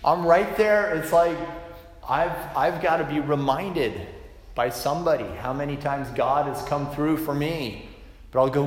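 A man's voice: on the high side, measured pace. A man preaching a sermon in a conversational, self-deprecating way, often restarting his sentences. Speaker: pastor. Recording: echoey hall reverb.

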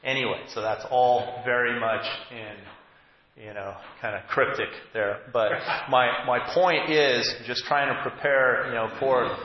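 A man preaching a conversational sermon, reading scripture and breaking off into joking asides and halting restarts. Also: mid-range voice, steady tone. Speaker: pastor. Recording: echoey hall, dull lo-fi, faint noise.

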